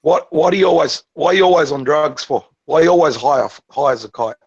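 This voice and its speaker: Husky taunting man. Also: on the high side, animated, fast, dull audio. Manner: taunting, needling, repeating jibes. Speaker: voice chat room participant. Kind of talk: mocking online voice chat banter.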